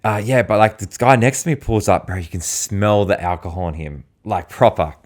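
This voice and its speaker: Rambling Australian man, low voice. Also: brisk. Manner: rambling, slangy storytelling, full of fillers. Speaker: podcast co-host. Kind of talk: casual podcast chat.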